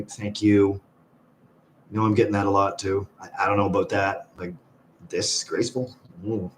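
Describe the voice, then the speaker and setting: A man's voice: lowish voice, moderate pace, slight background noise, poor audio. A man hosting a live stream, rambling and sighing as he talks to viewers and reads their comments aloud. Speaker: livestream host. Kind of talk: rambling casual livestream chat. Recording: music playing behind.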